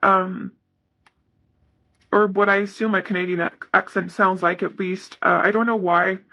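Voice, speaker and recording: Bright-voiced woman giving a tarot reading. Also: mid-range voice, level tone, normal speed, highs cut off. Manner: soft, hesitant, reads card messages aloud with many fillers. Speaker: tarot reader.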